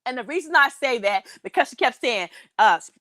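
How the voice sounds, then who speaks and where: A woman, telling a story in animated, indignant casual chat. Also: high voice, brisk, no room sound. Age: 40s.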